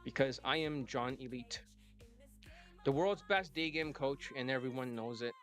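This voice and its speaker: A man's voice: medium pitch, normal speed, a bit bright, faint music behind. A man coaching his students live, talking bluntly and swearing often as he lectures. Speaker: dating coach.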